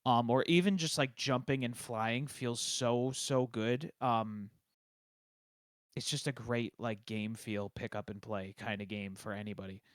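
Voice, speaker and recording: A man's voice: mid-range voice, fairly even intonation, measured pace, dry recording. A man with a mid-range voice co-hosts a casual podcast chat. He is enthusiastic and leans on filler words, and the sound is dry and close. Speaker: podcast co-host.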